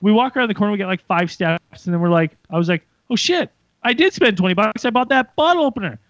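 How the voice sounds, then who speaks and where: A man's voice: high-pitched, animated, fast talker, a bit bright, no echo, highs cut off. A man hosting a podcast, telling a story animatedly with swearing and acted-out quotes. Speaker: podcast host. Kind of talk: casual chat.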